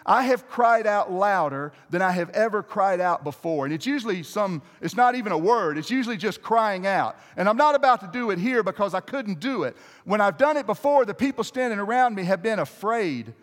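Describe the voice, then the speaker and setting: A male pastor with a high-pitched voice delivers a sermon, his words carrying a long reverb through a church hall. He talks conversationally, restarting phrases and turning to the congregation with questions.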